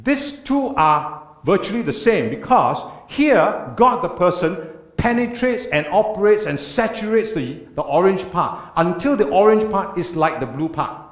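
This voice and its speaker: Man speaking in a church, fairly high, animated delivery, echoey room, earnest lecturing tone. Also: unhurried. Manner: earnest, emphatic lecturing with rhetorical questions. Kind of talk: church talk. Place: church hall.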